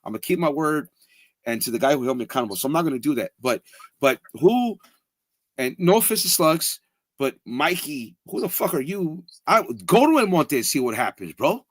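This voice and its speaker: A blunt, profane man trading stories on a casual podcast, his pitch swinging widely as he makes his points. His voice sits a little high for a man and sounds close and dry, with no room echo. He keeps tagging his lines with "bro" and "fool.". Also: very animated, fairly quick.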